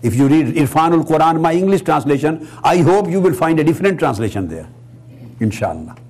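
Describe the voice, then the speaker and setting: Husky-voiced man giving an earnest lecture. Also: fairly high pitch, lively intonation, fairly quick, a little mellow. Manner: explanatory, repeats words for emphasis. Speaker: Islamic scholar and speaker. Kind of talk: religious lecture. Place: Islamic center hall.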